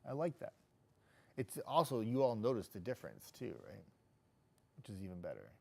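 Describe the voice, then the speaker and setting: Hosting a relaxed live stream, a middle-aged man who works as a TV weatherman reads out comments and chats with viewers in a loose, joking way, restarting often. His fairly low voice is warm and very animated, with vocal fry, at a moderate pace.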